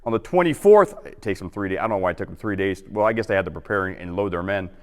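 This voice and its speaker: A man giving an informal history talk to a roundtable audience, chatty and acting out quotes in lively voices. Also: low-pitched, fast talker, long reverb tail. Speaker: guest historian. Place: lecture hall.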